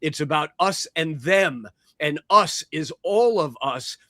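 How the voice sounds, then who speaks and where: A man speaking as a panel guest, explaining his ideas thoughtfully, with halting restarts. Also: on the high side, animated, pushed and bright, no room sound, studio quality. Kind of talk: panel talk, reflective explanation.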